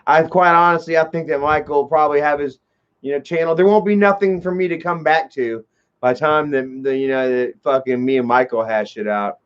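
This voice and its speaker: A man telling a long, rambling story on a livestream, swearing freely and filling every pause with "you know" while greeting viewers in chat. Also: fairly high pitch, fairly even intonation, smooth. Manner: profane, heavy on fillers like "you know". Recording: dull lo-fi livestream audio.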